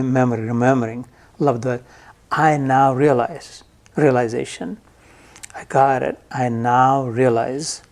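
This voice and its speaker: A man teaching scripture to a room of listeners, his voice sitting at an ordinary middle pitch. He talks in a loose, conversational way, stopping to unpack each Sanskrit word and its meaning. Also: a little mellow. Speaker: Gita teacher. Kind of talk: spiritual lecture to a live audience.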